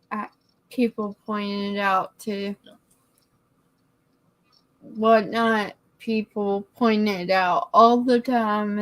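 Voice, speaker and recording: A woman's voice: mid-range voice, poor audio. A woman chatting as a guest on a live stream over a video call, playful and teasing. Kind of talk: casual chat on a live stream.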